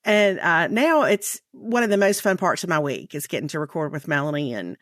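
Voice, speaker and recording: A chatty woman with a Southern American accent and a lowish voice, talking as a podcast guest. She laughs easily and stretches her phrases. The sound is dry and close. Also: animated, brisk, a bit bright, no echo. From Mississippi, USA. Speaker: guest author. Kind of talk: podcast interview.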